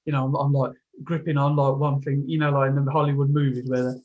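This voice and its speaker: A man's voice: medium pitch, level tone, darkish tone, rough recording. A man in casual podcast chat, stumbling and restarting as he talks about himself. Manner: halting, stammering restarts. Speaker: podcast co-host.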